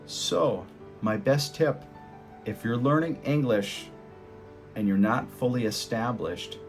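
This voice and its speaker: A man teaching English to camera in a casual, animated way, jumping up in pitch to stress his points. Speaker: English tutor.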